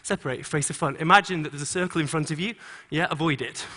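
A middle-aged choreographer on a conference stage, speaking to an audience and directing dancers with quick instructions and rhythmic sound cues. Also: male voice, on the high side, long reverb tail. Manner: encouraging, energetic coaching.

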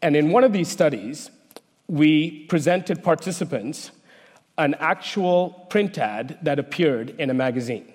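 A man's voice: a little high, animated, darkish tone. Man lecturing in a reverberant hall. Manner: measured, explanatory lecturing. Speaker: researcher giving a talk. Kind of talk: prepared public talk.

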